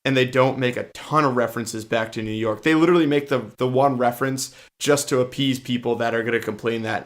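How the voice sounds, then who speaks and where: A man's voice: medium pitch, a little fast, few pauses. A man co-hosting a casual film review podcast, blunt and opinionated, often cutting in. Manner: blunt, opinionated, jumps in over others. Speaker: podcast co-host.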